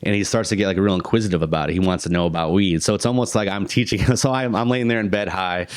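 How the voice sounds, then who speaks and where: A man in his thirties, a podcast guest, telling a story in casual chat. He laughs often, uses many fillers, and jumps into high voices to quote people. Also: fast, clean tone, dry recording.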